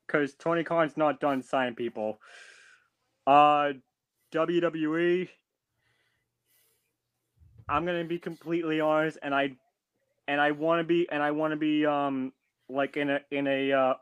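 A man's voice: fairly high pitch, a bit bright, clear, resonant tone, dry recording. A man chatting as a guest on a podcast, hesitant with many restarts and fillers, speaking bluntly and earnestly. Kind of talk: casual chat.

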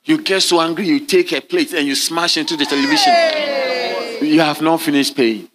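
A man's voice: fairly quick, heavy background noise. A male bishop preaches a sermon to his congregation in a large church hall. His voice sits a touch above the usual male range, and he calls out and waits for the crowd to answer. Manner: call-and-response preaching, drops to low murmurs at times.

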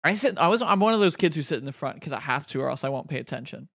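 A man's voice: fairly high pitch, expressive, very fast, vocal fry, fairly bright tone. A young man co-hosting a podcast, telling stories in a loose, profane, laughing way. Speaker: podcast co-host. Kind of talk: casual podcast chat.

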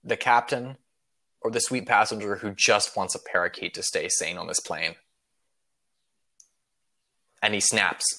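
A man's voice: fairly low pitch, a little slow, long pauses, sharp tone. A man hosting a podcast, telling a long joke in loose, rambling casual chat with frequent swearing and filler. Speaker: podcast host.

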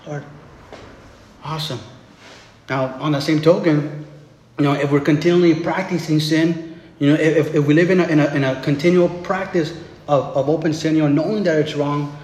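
Male pastor, slightly high-pitched, chatty sermon delivery with lots of restarts, recorded in a reverberant hall. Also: fairly even intonation, moderate pace, long pauses, a little mellow, slight background noise. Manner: conversational, tag questions and restarts. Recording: echoey hall with long reverb.

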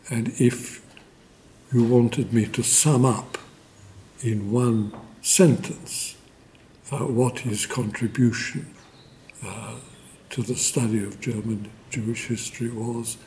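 Slow, measured man giving a lecture. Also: fairly low pitch, darkish tone, a little hiss or hum. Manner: measured and deliberate, with frequent pauses and fillers. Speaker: memorial lecturer. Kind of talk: formal memorial lecture.

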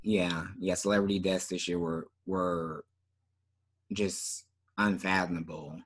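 A man co-hosting a podcast in casual chat, relaxed and often trailing off with fillers. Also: deep voice, takes it slowly. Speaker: podcast co-host.

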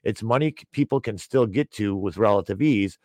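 Ranting low-voiced male host. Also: fairly quick, a little mellow, dry recording. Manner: ranting, wisecracking, digressive. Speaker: show host. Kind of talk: casual rambling commentary.

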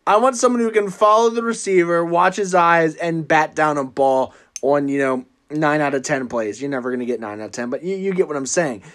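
A man hosting a casual sports podcast, animated and teasing, often breaking into loud laughs. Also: fairly high pitch, a little fast, hardly any pauses. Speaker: podcast host.

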